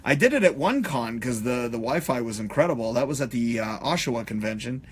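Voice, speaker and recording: A middle-aged man chatting on a live stream in a loose, rambling way. He swears freely and fills his talk with "uh" and "you know". His voice sits at an ordinary middle pitch. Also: animated, brisk, slightly rough. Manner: rambling, profane, many fillers. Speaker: podcast host. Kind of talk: casual live-stream chat.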